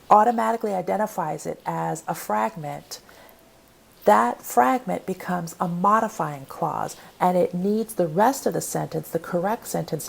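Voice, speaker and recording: Woman, composition teacher, recorded lecture, asks lots of questions, slightly low voice. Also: creaky. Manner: explanatory, asks the class many questions. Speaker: college composition instructor. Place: home, recorded for online class.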